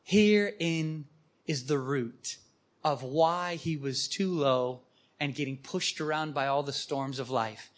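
Male preacher, high voice, animated, storytelling, emphatic. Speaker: guest preacher. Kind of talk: storytelling sermon. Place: room with a live audience.

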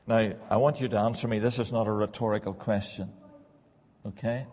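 A man's voice: on the low side, steady tone, quick pace, darkish tone, long reverb tail. A middle-aged man preaching a sermon in a church, earnest and repeating key lines for emphasis.

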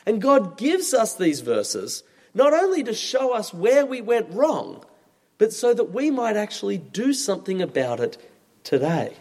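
Expressive preacher in an echoing hall. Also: male voice, high-pitched, a little slow. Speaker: pastor. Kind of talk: sermon. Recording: long reverb from a large hall.

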